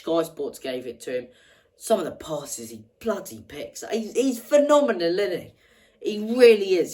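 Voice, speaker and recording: A woman's voice: on the low side, poor audio. A woman hosting a fan match reaction, talking passionately and repeating words for emphasis. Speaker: football fan channel host.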